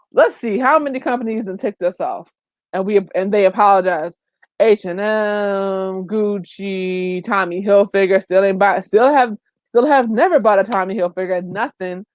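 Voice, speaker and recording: A woman's voice: mid-range voice, no room sound. A woman giving emphatic, opinionated commentary in a casual vlog, full of exclamations and slangy asides. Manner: colloquial, says "child" and "girl" often. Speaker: vlogger.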